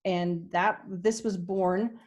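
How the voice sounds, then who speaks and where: A woman from Canada giving an online conference presentation, earnest and hesitant, often pausing with ums and restarting her sentences. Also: fairly low pitch, steady tone, a little mellow. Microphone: video call.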